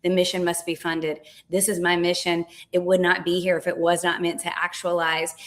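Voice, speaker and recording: A woman coach, a guest on an interview, explaining ideas in a lively, animated way and acting out little voices. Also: on the low side, normal speed. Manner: animated, dramatizes with acted-out voices. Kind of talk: casual interview chat.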